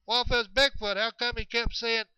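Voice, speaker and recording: A grumpy, skeptical hunter complains indignantly in a pitch pushed up high, as a man puts him on while telling a story. The voice is crisp and bright, and the recording is dry. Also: sing-song, fairly quick, no echo, lo-fi sound, full character voice. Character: grumpy, skeptical male hunter, easily annoyed.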